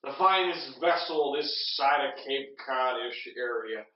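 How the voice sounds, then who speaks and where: A drunk man playing a grizzled, boastful older shark hunter, gruff and slurring. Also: mid-range voice, a little slow, a little hiss or hum, lightly acted. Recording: echoey room, distant mic, dull sound.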